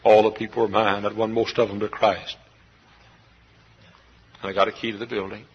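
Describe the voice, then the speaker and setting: A middle-aged man preaching a sermon as a pastor, swinging from hushed confiding to shouted outbursts. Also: lowish voice, level tone, normal speed, slightly rough, muffled recording. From Texas. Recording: live church service recording.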